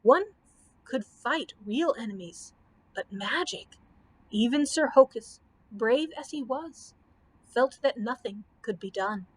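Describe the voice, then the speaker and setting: A woman's voice: on the high side, takes it slowly, husky, rough recording. A woman librarian reading a children's book aloud, telling it expressively. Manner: expressive storytelling.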